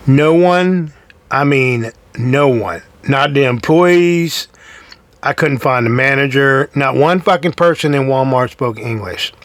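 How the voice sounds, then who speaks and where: A man's voice: mid-range voice, expressive, takes it slowly, a bit bright, dry recording. A young man telling a rambling, exasperated story in casual profane vlog style. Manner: rambling, exasperated, swears a lot. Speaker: storytelling vlogger.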